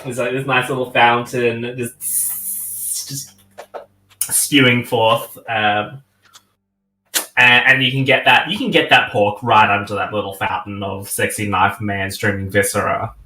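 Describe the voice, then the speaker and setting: A man narrating a tabletop game as game master, animated and giggly, with many fillers. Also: medium pitch, a little slow, slight background noise. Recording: roomy echo with faint music.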